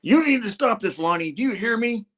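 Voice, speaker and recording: A man voicing a brash young male superhero with loud, heroic lines while retelling a comic. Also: sits high, big pitch swings, moderate pace, breathy edge, pitched above the performer's own voice, heavily acted. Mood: commanding.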